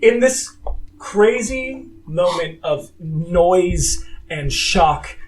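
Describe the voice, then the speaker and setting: A man narrating a tabletop game as game master, dramatic, with many fillers and slowed phrasing for emphasis. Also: high voice, expressive, a little hiss or hum, poor audio.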